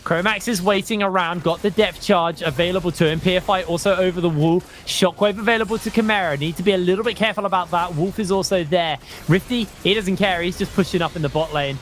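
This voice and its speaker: A man calling an esports match play by play, quick and energetic. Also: high-pitched, soft background music. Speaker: play-by-play caster.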